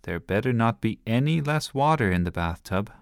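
A man's voice: mid-range voice, expressive, normal speed, clean tone, dry recording, studio quality, natural voice. A man voicing a stern father giving a warning. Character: stern dad, grown man.

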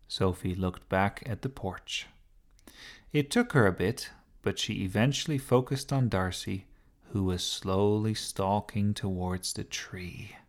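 Slow, gentle male storyteller. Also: fairly low pitch. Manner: gentle, unhurried reading. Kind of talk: children's story narration.

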